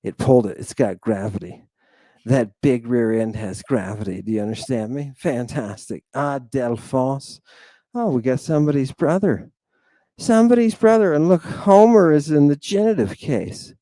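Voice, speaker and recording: A man's voice: mid-range voice, lively intonation, mellow, no echo. A man teaching ancient Greek in a recorded lecture, chatty and self-mocking, checking in with "right?" again and again and drawing out words for pronunciation drills. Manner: drawn-out, emphatic pronunciation drills. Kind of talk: recorded online language lecture.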